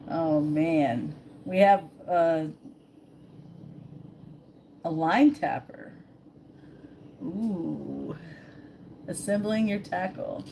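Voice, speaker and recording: A woman chats her way through a live stream at an unhurried, drawn-out pace, reading bits aloud and tossing in jokes. Her voice sits a bit low, and steady background noise runs under the recording. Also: creaky. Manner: chatty, reads aloud and jokes along. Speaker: vlogger, live-stream host. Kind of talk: casual live-stream chat.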